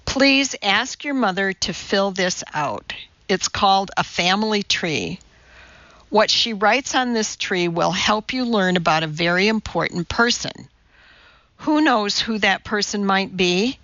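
A woman doing a shrill strict schoolteacher. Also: animated, unhurried, dry recording, dull audio. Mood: stern. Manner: sharp, huffy and shrill when scolding. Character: strict, irritable woman kindergarten teacher.

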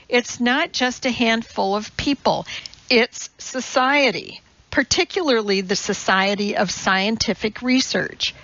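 Storybook heroine: a woman voicing a firm, principled scientist, slow and deliberate, gravelly, on muffled audio. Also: fairly high pitch, fairly bright tone, no room sound, full character voice.

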